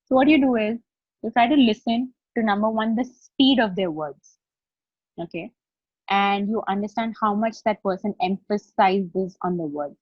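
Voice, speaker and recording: Husky Indian English woman coaching online. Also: mid-range voice, normal speed, no room sound, dull audio. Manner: chatty, explains step by step, often checks in with the audience. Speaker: life coach. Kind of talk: live online coaching session. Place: video call.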